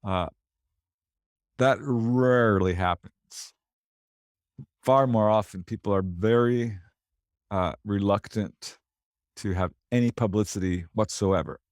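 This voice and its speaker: A man, a paranormal investigator, telling anecdotes in a casual interview in an animated way. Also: on the low side, slow pace, long pauses, no room sound, clean studio sound. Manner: animated, anecdotal, laughs between lines.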